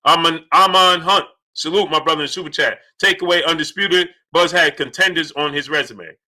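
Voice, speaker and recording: A man hosting a boxing livestream, asking rhetorical questions over and over and giving shout-outs to the viewers in the chat. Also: fairly high pitch, normal speed. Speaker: boxing channel host. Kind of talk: livestream commentary, reading chat.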